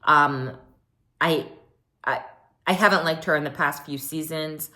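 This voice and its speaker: This recap vlogger, a young woman with a low, unhurried voice, runs through a reality show episode. Her take is chatty and full of opinions, and she brings the quotes to life.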